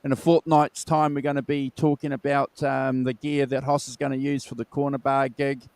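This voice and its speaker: A man's voice: medium pitch, flat delivery, normal speed, a little mellow, no room sound. A man with an Australian accent hosting a casual live stream over a video call, upbeat and plugging upcoming shows. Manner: upbeat, wraps up with plugs. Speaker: host. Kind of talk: casual chat.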